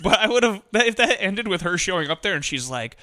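Man, podcast co-host, bright voice, casual banter, laughing. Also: high voice, big pitch swings, a little fast. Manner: laughing, riffs on jokes, quotes characters. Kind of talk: casual movie podcast chat.

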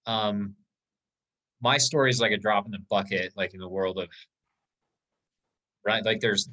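A man's voice: on the low side, steady tone, unhurried, bright, forceful tone, low-quality recording. A man on a podcast, telling an emotional story about an ultramarathon in a casual, rambling way with many fillers.

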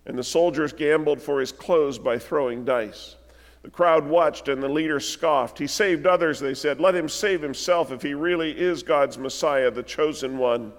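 Man preaching, slightly high voice, echoing church. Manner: measured, deliberate reading with slowed emphasis. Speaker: pastor. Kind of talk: sermon with scripture reading. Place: large church sanctuary. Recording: long church hall reverb.

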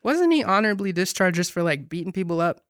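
Man, podcast guest, high voice, quick eager agreement, dry close sound. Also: very animated, fairly bright tone, smooth, dry recording. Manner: agreeable, short enthusiastic replies. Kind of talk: casual movie chat.

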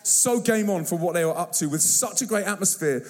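A man preaching an energetic sermon to a church, telling stories in a punchy, slangy, excitable way. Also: high voice, fairly quick. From United Kingdom. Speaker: guest youth evangelist. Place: church service.

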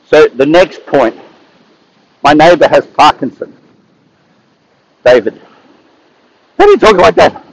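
A man's voice: a little high, animated, takes it slowly, vocal fry, pauses often, husky, no room sound, rough recording. A man telling stories in a casual monologue, rambling and often repeating and restarting his words. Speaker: speaker sharing advice.

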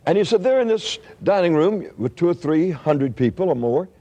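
Older male preacher, storytelling sermon, lively pitch, warm husky tone. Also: moderate pace. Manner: folksy storytelling with frequent restarts.

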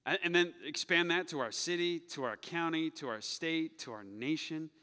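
A middle-aged pastor preaches with a high, bright voice that swings widely in pitch, playful and teasing as he acts out quotes. His words ring out with a long reverb through a big church hall. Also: normal speed, clear, resonant tone. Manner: playful, mocking voices when quoting. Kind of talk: sermon.

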